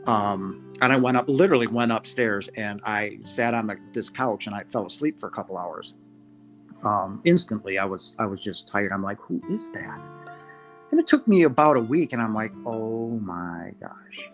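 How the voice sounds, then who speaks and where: A man, a podcast guest, earnestly recounting a personal encounter, halting with restarts and quoting himself as he goes. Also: fairly low pitch, lively intonation, faint music behind. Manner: earnest, halting, many restarts and quoted asides. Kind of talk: first-person storytelling.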